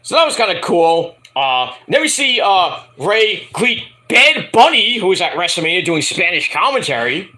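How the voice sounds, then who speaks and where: A man giving a casual, profane, animated recap as a wrestling show reviewer. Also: sits high, moderate pace, hardly any pauses.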